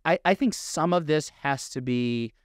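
Smooth-voiced male podcast co-host. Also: on the high side, lively intonation, unhurried, no room sound, clean studio sound. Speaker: podcast co-host, fitness coach. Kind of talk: casual podcast chat.

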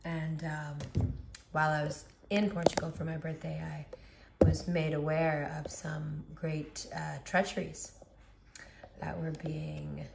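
A woman with a hoarse, partly lost voice giving a casual tarot reading, talking conversationally and asking her listeners rhetorical questions. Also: low voice, level tone, takes it slowly, heavy background noise. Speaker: tarot reader.

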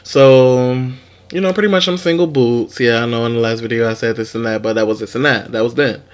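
A man's voice: mid-range voice, a little fast. Young male vlog host, sassy, profane gossip talk, mid-range voice. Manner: sassy, profane, animated commentary. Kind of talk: casual celebrity gossip vlog.

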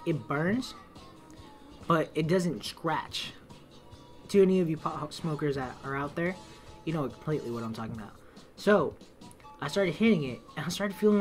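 A young man telling a casual story, swearing often and acting out quotes loudly. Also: a little high. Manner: animated, swearing, acts out quotes in raised voice.

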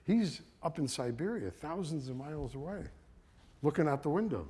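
An older man from Kazakhstan, an author telling his family's story and reading from his book in an animated way. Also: fairly high pitch, normal speed, slight background noise. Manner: animated storyteller, thinks aloud with restarts.

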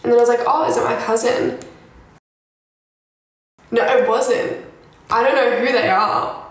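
A woman's voice: on the high side, fairly even intonation, unhurried. A frightened young woman streaming live from her home at night, talking in a breathless, jittery way that drops to whispers, swearing often, close to tears. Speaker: livestreamer. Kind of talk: casual livestream chat. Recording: echoey room with noticeable background noise.

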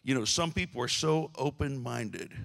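Gravelly-voiced man preaching a folksy sermon. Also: mid-range voice, expressive, normal speed, fairly bright tone. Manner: folksy, joking, many restarts. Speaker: pastor. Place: church sanctuary.

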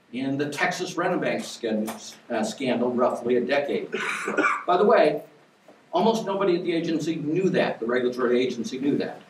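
An older man giving an academic lecture as a guest lecturer, emphatic and wry, with lively bursts of stress on key words. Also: medium pitch, a little hiss or hum. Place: lecture hall. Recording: echoey hall from far off.

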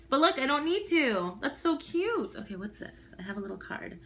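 A woman's voice: fairly high pitch, big pitch swings, moderate pace, hardly any pauses, fairly bright tone. A young woman with a bubbly, gushing manner, talking casually to camera in an unboxing vlog at home. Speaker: vlogger.

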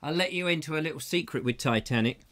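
A man's voice: a little high, fast talker, fairly bright tone. Middle-aged male host, jokey rambling live-stream banter. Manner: jokey, rambling, reads viewer comments aloud. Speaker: host of a live online show. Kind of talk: casual live-stream chat.

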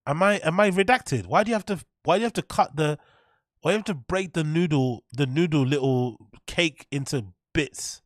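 A man's voice: on the high side, normal speed, dry recording, studio quality. A man reacting to a cooking video in casual, mocking commentary, sarcastic and profane and laughing at his own jokes.

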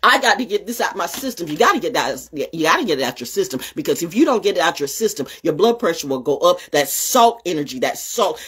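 A woman's voice: mid-range voice, fairly bright tone, slightly rough. An older woman hosting her own show, delivering a fiery, profane, confrontational monologue. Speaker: show host. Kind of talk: ranting monologue.

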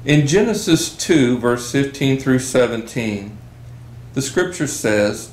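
A man teaching a Bible study session, reading scripture aloud slowly and with emphasis. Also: mid-range voice, roomy sound, poor audio.

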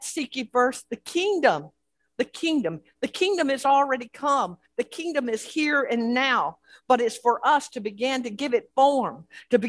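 A woman's voice: high voice, no room sound. A woman pastor preaching a sermon with a repetitive, building cadence.

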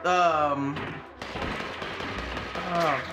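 A playful gamer talks through a run at a slow, drawn-out pace, yelling at enemies and cursing freely. Game music plays clearly underneath the voice. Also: medium pitch. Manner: excitable, playful, swears freely. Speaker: let's play gamer. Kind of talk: casual gameplay commentary.

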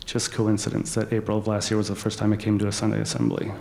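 Man, low gravelly voice, earnest and self-deprecating personal talk, big reverberant hall. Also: monotone, quick pace, few pauses, a little mellow. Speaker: assembly speaker. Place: large hall.

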